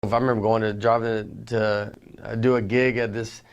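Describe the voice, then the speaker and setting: A man doing a stand-up comedy set, telling rambling stories in a deadpan, understated way, full of fillers. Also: on the low side, brisk, muffled recording. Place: large theater stage with a live audience. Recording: reverberant hall with audience noise.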